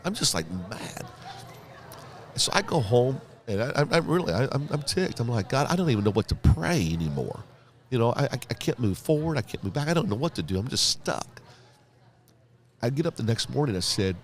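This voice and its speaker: A man's voice: medium pitch, fairly quick. A man, telling his story as a pastor guest on a podcast and acting out the voices of people he quotes. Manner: animated storyteller, acts out quoted dialogue. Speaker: guest pastor and leadership author.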